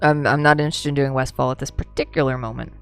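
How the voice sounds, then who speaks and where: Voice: mid-range voice, steady tone, fast talker, fairly bright tone, clean tone, soft background music. A game streamer chatting casually through a livestream, rambling, laughing and answering chat, a few drinks in.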